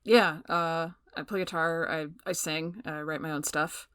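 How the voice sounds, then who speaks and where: A woman playing a tabletop game. She speaks hesitantly, with a fairly low voice and a dry sound. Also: fairly even intonation, fairly bright tone, clear, resonant tone, no echo. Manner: hesitant, halting speech. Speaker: player.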